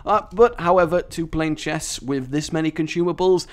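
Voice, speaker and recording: A man giving sarcastic, self-mocking commentary over a game he is playing. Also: normal speed. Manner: sarcastic and self-mocking, jumping into high squeaky bits. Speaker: gaming commentator. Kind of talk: let's-play commentary.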